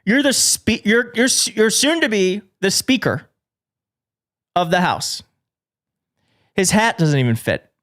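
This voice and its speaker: A man hosting a live political commentary show, excitable and jokey, often restarting his sentences. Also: sits high, unhurried, pauses often. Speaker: show host. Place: studio in a big city.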